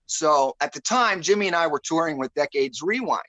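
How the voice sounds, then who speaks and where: A man guesting on an interview show tells a story in a loose, rambling way and stops often to find his words. His voice is slightly high and very bright. The recording is dry and close, over a video call. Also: expressive, fairly quick, dry recording, poor audio. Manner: rambling, searches for words, many fillers. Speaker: guest musician. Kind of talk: casual storytelling.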